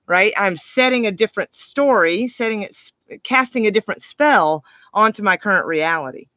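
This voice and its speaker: A middle-aged woman life coach giving an upbeat, animated motivational talk to the camera, with emphatic delivery and frequent laughs. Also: mid-range voice, normal speed, no echo.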